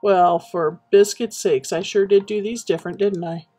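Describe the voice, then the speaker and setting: A woman chatting casually while building in a game, rambling and reminiscing with many pauses and fillers. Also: mid-range voice, fairly even intonation, warm tone, breathy edge. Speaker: Minecraft streamer.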